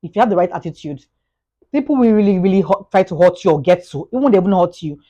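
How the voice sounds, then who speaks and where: Speaking quickly and with energy, a Nigerian woman delivers a motivational vlog, repeatedly restarting and repeating words. Her pitch is fairly low, and the dull audio carries a little hiss or hum.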